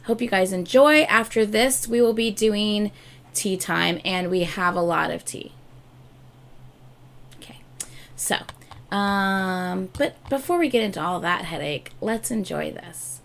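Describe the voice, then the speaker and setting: A woman hosting a casual live stream, chatting and gushing excitedly as a fan. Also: mid-range voice, a little slow, creaky, slight background noise. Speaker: streamer reacting to videos. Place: home room at a desk chair.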